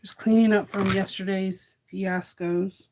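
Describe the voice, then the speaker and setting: A woman's voice: medium pitch, fairly even intonation, measured pace, darkish tone. A woman chatting casually in a morning sewing vlog, upbeat and rambling with fillers. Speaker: sewing vlogger.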